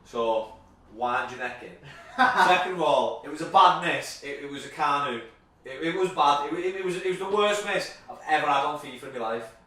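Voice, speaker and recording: A man's voice: fairly high pitch, brisk, pushed and bright. A man hosting a casual boxing show, laughing and stammering as he mocks himself. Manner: laughing, self-mocking, stammering. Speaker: host. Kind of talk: casual banter. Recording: echoey room from a distance.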